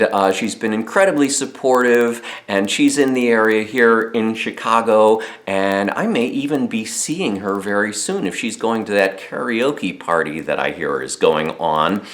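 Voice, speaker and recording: A man's voice: lowish voice, fairly bright tone. A man giving a casual monthly video update as a solo theatre performer, chatty and rambling with many fillers and restarts. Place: home in Chicago.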